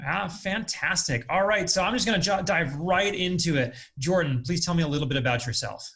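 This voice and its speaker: A male podcast host who talks quickly and cheerfully as he leads the interview. His voice sits a little higher than most men's. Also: a bit bright. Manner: upbeat and quick, says he talks fast. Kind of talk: casual interview.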